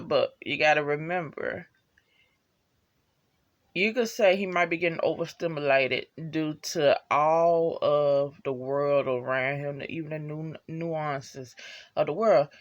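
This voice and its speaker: A TV show reviewer vlogs about an episode in casual, slangy talk that drifts around and swears freely, peppered with "you know" asides and laughter at favorite moments. The voice is mid-range at a measured pace, and the audio sounds dull.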